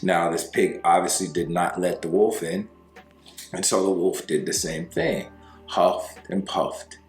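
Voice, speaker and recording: Deep-voiced male breakup coach, conversational storyteller, roomy room with faint music under it. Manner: conversational, with fillers and slow emphasis. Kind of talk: storytelling advice monologue.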